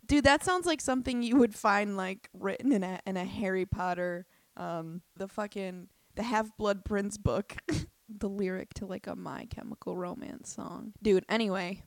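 A young woman telling a story in a casual, animated way, swearing often and restarting her sentences. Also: mid-range voice, moderate pace, dry recording. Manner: animated, profane, lots of fillers and restarts.

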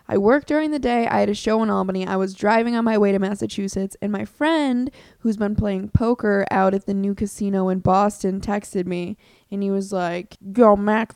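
A woman's voice: mid-range voice, creaky, a little mellow, smooth, no echo, studio quality. A young woman hosting her own podcast, chatting casually, rambling and self-deprecating, swearing now and then. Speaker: podcast host. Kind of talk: casual solo chat. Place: room at home with door open. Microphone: desk mic.

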